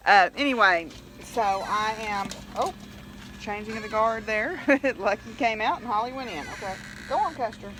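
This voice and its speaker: A woman, talking in a rambling, candid diary vlog with soft laughs and fillers. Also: a little high, measured pace, noisy background. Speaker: vlogger.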